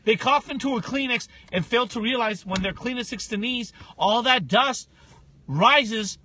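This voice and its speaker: A man co-hosting a casual chat, loud and teasing. His voice is high and sharp, and it jumps around a lot, with a faint noise of the room behind him. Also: normal speed. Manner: teasing, loud and animated, acts out quoted voices. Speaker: podcast co-host.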